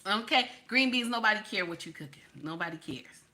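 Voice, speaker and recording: A woman hosting a casual livestream chat, animated and playful, teasing her viewers and tossing in "okay?" again and again. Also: medium pitch, fairly quick. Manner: keeps repeating "okay?". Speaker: livestream host.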